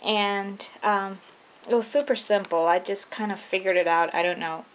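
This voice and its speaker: A young woman casually walking through her handmade scrapbook album, chatty and relaxed, with frequent ums and trailing-off phrases. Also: mid-range voice, moderate pace. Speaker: scrapbooking vlogger. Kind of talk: casual show-and-tell walkthrough.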